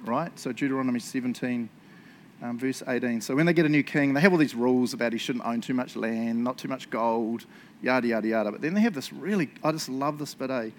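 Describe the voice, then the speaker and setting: A man preaching a casual sermon, telling stories in an excitable, chatty way and laughing along. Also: mid-range voice, a little fast, slight background noise.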